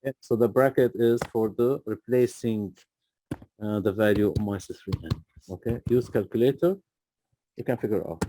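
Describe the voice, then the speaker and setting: A man tutors a student one-on-one through a math problem, patient and repeating himself to check understanding. His voice is dark and mellow. There is faint background noise behind him. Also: lowish voice, moderate pace. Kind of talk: live tutoring session.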